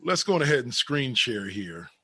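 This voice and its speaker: A man's voice: medium pitch, big pitch swings, normal speed, sharp tone, slightly rough, no echo. A man co-hosting a casual wrestling podcast, reading an awards list aloud with sarcastic asides. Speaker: podcast co-host.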